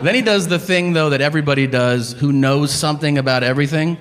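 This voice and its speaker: A man's voice: a little high, fast talker, in a large hall, background noise. A man telling sarcastic, profane stories in a stand-up routine. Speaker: stand-up comedian.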